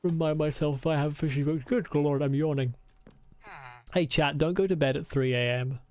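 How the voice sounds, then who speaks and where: A man's voice: on the high side, fairly quick, a little mellow. A man streaming a video game, muttering his plans to himself, swearing freely and answering chat. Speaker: let's play streamer. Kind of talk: casual live gaming chat.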